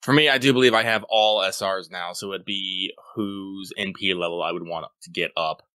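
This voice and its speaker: A man's voice: sits low, normal speed, pushed and bright, clear, resonant tone, no echo. A man co-hosting a podcast, reading listener mail and chatting casually, swearing and rambling as he goes. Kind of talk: casual chat.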